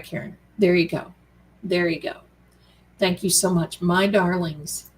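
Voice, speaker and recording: On a roughly recorded tarot live stream, a woman with a lowish voice rambles chattily and reads viewer comments aloud. She speaks warmly and casually to her audience, calling them her darlings.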